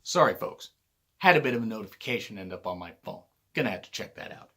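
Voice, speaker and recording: Loud, angry man ranting. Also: lowish voice, lively intonation, fast. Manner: loud, heated, swearing often. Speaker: wrestling show reviewer. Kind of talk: angry profane rant.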